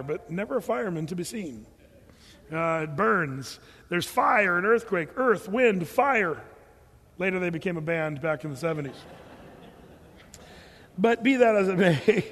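A man with a high voice preaches a lively sermon, cracking jokes and acting out the voices in the story. His voice carries a long hall reverb. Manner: animated, joking, acts out quoted voices. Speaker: pastor.

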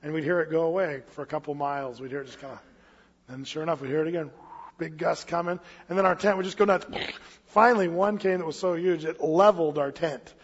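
A man preaching a casual expository sermon as pastor, mixing scripture reading with relaxed storytelling. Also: fairly high pitch, quick pace, husky. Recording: muffled hall with long reverb.

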